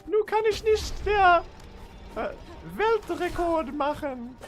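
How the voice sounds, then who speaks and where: A shrill, overexcited German speedrunner, as a man puts him on shrieks in a squeaky caricature voice. The pitch sits far above a normal man's and the accent is thick and mocking. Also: expressive, takes it slowly, faint music behind, exaggerated voice. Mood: whiny. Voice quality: high, squeaky put-on voice.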